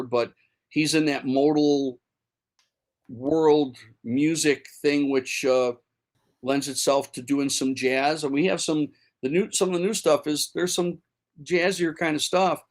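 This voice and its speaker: A man's voice: on the high side, steady tone, a little slow. A man from Chicago, a musician guest, telling stories in a casual interview with many fillers and restarts.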